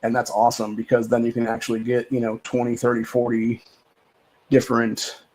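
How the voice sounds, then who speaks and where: A man's voice: medium pitch, monotone, fairly quick, darkish tone, poor audio. A man hosting a livestream, talking in a rambling, profane, casual rant with lots of repeated filler phrases. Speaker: livestream host.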